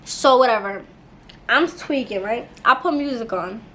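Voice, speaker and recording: A young woman telling a storytime for her channel in a casual, animated way, laughing as she talks and using plenty of slang and swearing. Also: on the high side, a little slow, slight background noise. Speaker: YouTuber.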